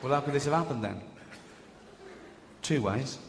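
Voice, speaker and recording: Laughter from a loud theatre audience fills this very noisy live hall recording. Onstage, the middle-aged comedian tells crude, sarcastic, self-mocking stories in an animated, mid-range voice at a normal pace.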